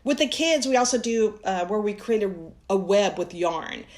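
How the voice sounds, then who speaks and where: A woman's voice: mid-range voice, animated, normal speed, darkish tone. A woman in her fifties teaching a mindfulness lesson, telling a personal story in an earnest, heartfelt way.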